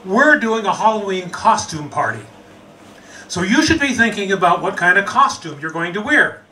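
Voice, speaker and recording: A man's voice: sits high, big pitch swings, normal speed, bright, forceful tone, full character voice. A man voicing a bold, party-loving woman who teases bluntly, heard on a distant mic. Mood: demanding.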